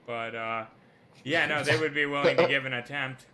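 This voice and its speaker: A man's voice: mid-range voice, moderate pace. A man running a tabletop game as game master, joking and explaining the rules. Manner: animated, jokey, rules-minded. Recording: live stream with faint background noise.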